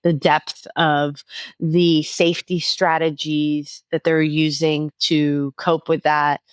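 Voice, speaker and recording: A woman with a fairly low voice, earnestly explaining her healing method as a podcast guest. She talks in a clear, instructive way and grows animated when making a point, and the recording is close and dry. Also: slow pace, no echo. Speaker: guest, inner child healing coach.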